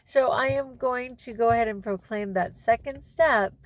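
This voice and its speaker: A middle-aged woman vlogging to camera in a casual, animated and effusive way. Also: a little high, normal speed.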